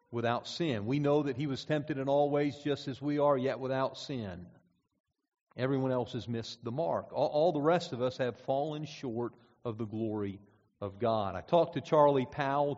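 A man's voice: mid-range voice, a little mellow. Man preaching in a reverberant church hall. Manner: measured, slows to stress key words. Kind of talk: sermon. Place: church auditorium. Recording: dull recording in a reverberant hall.

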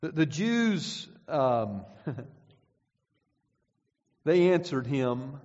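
A man's voice: mid-range voice, very animated, drawn-out words, darkish tone. A man preaching a sermon, reading scripture aloud and pressing his points with emphatic, rising and falling delivery. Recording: dull sound with long hall reverb.

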